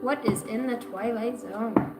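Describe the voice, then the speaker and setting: A rambling, foul-mouthed woman running a zodiac card reading on a livestream, her voice sitting a little high. She sounds like she is in an echoey room with music running behind her. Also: unhurried. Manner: profane, rambling and jokey. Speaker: astrology card reader.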